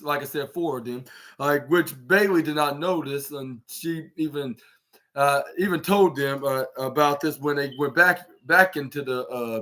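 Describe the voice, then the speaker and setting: A man's voice: fairly high pitch, fairly bright tone. A man hosting his own podcast, recapping wrestling in a casual, rambling way and acting out quoted lines. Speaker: podcast host.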